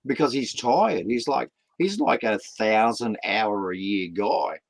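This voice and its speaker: Gravelly Australian man in his fifties. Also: lowish voice, expressive, a little slow, dry recording, rough recording. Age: 50s. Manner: impassioned, repeats words and restarts, preaches with rising emphasis. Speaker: guest, community partnerships founder. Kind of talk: passionate conversational interview.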